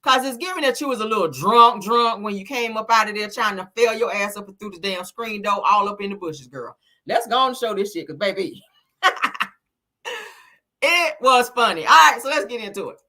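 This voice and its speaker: A sassy, blunt woman hosts a loose commentary chat, cursing freely and chuckling as she goes. Her bright, forceful voice swings up and down with lively pitch. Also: moderate pace. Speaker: host.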